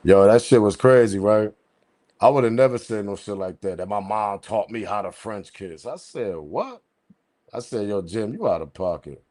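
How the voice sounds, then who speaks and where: A man hosting a casual livestream, reading the chat and talking in relaxed slangy street speech, his voice leaping high when he quotes himself. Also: normal speed. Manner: animated, laughing, slangy street talk, pitch jumps high when quoting himself.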